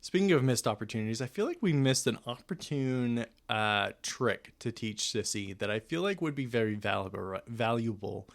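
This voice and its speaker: A young man hosts a relaxed podcast chat at a middling pitch, rambling through his thoughts with plenty of restarts. He pokes fun at himself and breaks into laughter now and then. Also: moderate pace, gravelly, few pauses. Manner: rambling, self-deprecating, laughs often. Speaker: podcast host. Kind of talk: casual chat.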